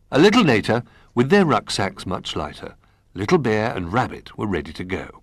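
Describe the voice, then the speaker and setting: A man narrating a children's storybook in a gentle, expressive manner. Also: lowish voice, normal speed, dry recording, studio quality.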